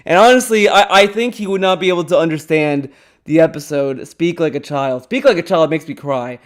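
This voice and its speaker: A man streaming casual commentary, rambling excitably and swearing often as he talks. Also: fairly high pitch, fairly quick. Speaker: streamer reacting to a clip.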